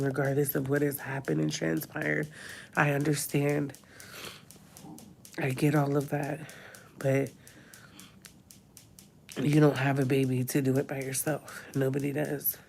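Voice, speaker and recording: A woman's voice: extremely low pitch, gravelly, a little mellow, a little hiss or hum. A woman in her thirties crying as she talks in a confessional vlog, her voice breaking into whispers and sighs. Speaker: vlogger. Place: hospital room.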